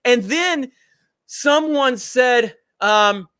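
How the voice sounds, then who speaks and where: Male host, casual livestream chat, blunt, confrontational, high voice, dry sound. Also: very slow, bright, forceful tone, smooth, dry recording. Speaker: show host.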